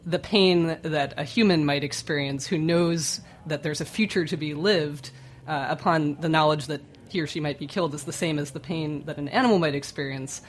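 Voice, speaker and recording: Woman guest, very low voice, careful precise explainer, faint room hum. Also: moderate pace. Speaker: guest expert. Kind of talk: explanatory radio talk.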